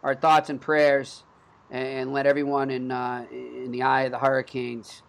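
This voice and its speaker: A man's voice: medium pitch, completely flat delivery, normal speed, gravelly. A man in his thirties with a Boston accent, hosting a sports podcast in casual chat and rambling with frequent restarts. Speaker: podcast host.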